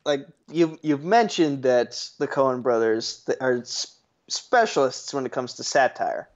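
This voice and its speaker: A man co-hosting a casual podcast chat, airing strong opinions in an animated way and tripping over restarts. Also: medium pitch, measured pace, highs cut off. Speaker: podcast co-host.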